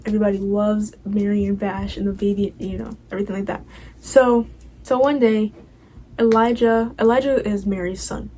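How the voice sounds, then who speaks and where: A woman's voice: medium pitch, flat delivery, normal speed, mellow, slight background noise, poor audio. Chatty young woman, rambling recap. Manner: rambling, full of "like" and "you know". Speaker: vlogger recapping a TV show.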